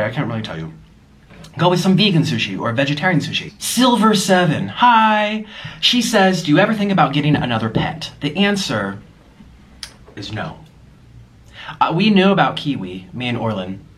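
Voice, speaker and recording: Bubbly young man, lively sing-song voice. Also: mid-range voice, moderate pace, pauses often. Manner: bubbly, gushing, talks to his pets in baby talk. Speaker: vlogger. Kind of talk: casual mukbang chat.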